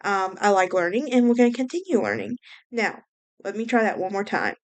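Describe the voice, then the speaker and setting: Woman, Southern accent, podcast host, chatty, smooth clear voice. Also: medium pitch, big pitch swings, brisk. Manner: chatty, with self-corrections and restarts. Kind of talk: casual podcast narration.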